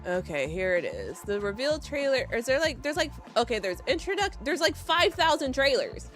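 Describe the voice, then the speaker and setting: A young woman streaming live, teary and excitable, rambling and giggling as she reacts. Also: high-pitched, normal speed, soft background music. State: teary from crying.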